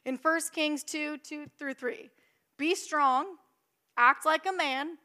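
A young woman preaching a sermon in a conversational, animated way, acting out her own thoughts. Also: high-pitched, slow.

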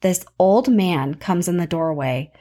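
A woman in her thirties hosting a podcast, chatting casually about her week in an animated storytelling voice that jumps up in pitch when she gets excited. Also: measured pace. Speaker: podcast host.

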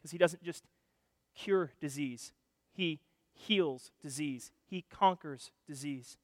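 High-voiced male pastor preaching. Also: slow pace, no room sound, clean studio sound, in a large hall. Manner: storytelling, animated, shifting loud and hushed. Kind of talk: sermon.

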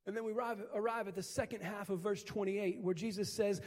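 A middle-aged male pastor delivers a sermon in a notably high voice. He drives his points home with emphatic, repeated phrases. His words carry a long reverb, as if filling a large church sanctuary. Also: fairly even intonation, fairly quick. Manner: preaching with rising, emphatic repetition.

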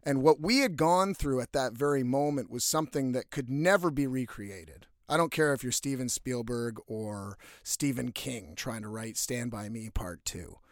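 A man telling a story casually, animated and swearing freely. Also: mid-range voice, moderate pace, few pauses, no echo, clean studio sound. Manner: animated, profane, conversational.

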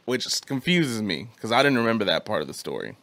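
A young man co-hosting a podcast, talking in a loose, slangy way and swearing freely. His voice sits fairly low but has a bright, forward edge, and the recording is dry and close with no room sound. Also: very animated, fast, no room sound. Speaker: podcast host. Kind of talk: casual chat.

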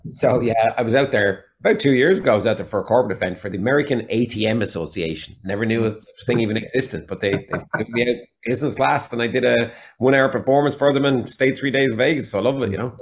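A man's voice: medium pitch, fast talker, hardly any pauses, a little hiss or hum. An Irish man talking as a podcast guest, telling stories in a chatty, candid way. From Ireland. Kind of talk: casual interview chat.

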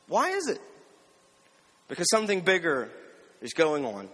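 A man preaching in a big hall, his fairly high voice trailing off into a long reverb. He keeps it conversational, checks in with "right?", and slows right down to stress key words while he reads scripture. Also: wildly swooping pitch, fairly bright tone, slightly rough. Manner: conversational, asks "right?" often and slows down for emphasis. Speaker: pastor. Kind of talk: sermon with scripture reading.

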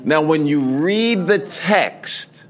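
Male pastor, slightly higher voice, casual sermon rising to fervent preaching, congregation audible. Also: lively intonation, drawn-out words. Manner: conversational, builds to emphatic preaching. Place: large hall with a congregation. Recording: crowd audible in a large hall. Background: congregation responding.

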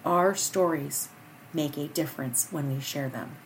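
A woman's voice: low-pitched, measured pace, slight background noise. A middle-aged woman hosting a podcast, talking earnestly and encouragingly in a rambling personal monologue. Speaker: podcast host.

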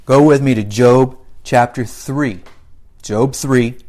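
A man with a medium-pitched, slightly mellow voice preaches a sermon, reading scripture aloud in a raised voice. His phrasing is emphatic and drawn out, punctuated by dramatic pauses.

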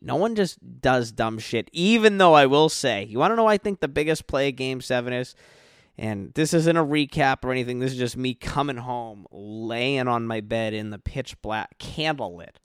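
A man's voice: medium pitch, clean tone, dry recording, studio quality. A young man, tipsy and tired, rambling and swearing through a late-night sports rant in his bedroom. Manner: profane, rambling, yawning. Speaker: podcast host.

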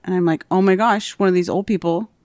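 A young woman working as an airport gate agent, telling stories in casual chat, animated and full of "like", acting out what people said. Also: lowish voice, fast talker, dry recording. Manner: animated, fillers of "like", acts out quotes.

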